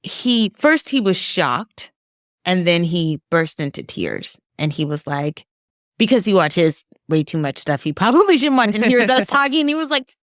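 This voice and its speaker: A middle-aged woman professor talking earnestly and emotionally on a podcast, often halting and restarting. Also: fairly low pitch, big pitch swings, dry recording, studio quality. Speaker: professor and author. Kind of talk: podcast discussion.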